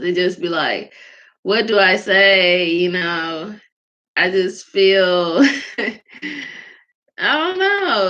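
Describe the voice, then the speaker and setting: Woman hosting a casual faith talk, unhurried, bright tone, candid with lots of fillers and laughs, dull lo-fi recording. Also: mid-range voice. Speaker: podcast host.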